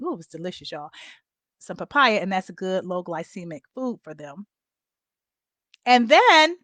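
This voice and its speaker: A woman's voice: mid-range voice, bright, forceful tone, dry recording. A middle-aged woman caregiver candidly telling viewers a personal story in a casual vlog. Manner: candid, conversational, addresses viewers as y'all. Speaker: family caregiver.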